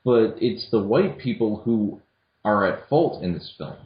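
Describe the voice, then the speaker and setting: A young man with a lowish voice talks through a film in casual conversation. He restarts his sentences often and leans on fillers. The sound is roomy and dull, like an amateur home recording. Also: expressive, a little slow. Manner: hesitant, many restarts and fillers. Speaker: podcast co-host. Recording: echoey room, dull lo-fi audio.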